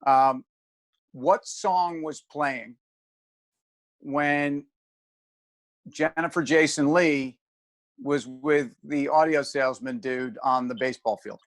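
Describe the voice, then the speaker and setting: A man co-hosting a loose market chat, mid-pitched, recorded close and dry with no room sound. He rambles, circling back with restarts and fillers before landing his point. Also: fairly even intonation, takes it slowly, pauses often, no room sound. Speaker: podcast co-host.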